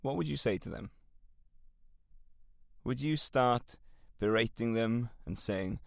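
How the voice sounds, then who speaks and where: A man's voice: medium pitch, slow, gravelly, long pauses, no echo, studio quality. Earnest Welsh man coaching listeners. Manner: earnest, encouraging self-help coaching. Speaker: podcast host. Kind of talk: solo podcast monologue.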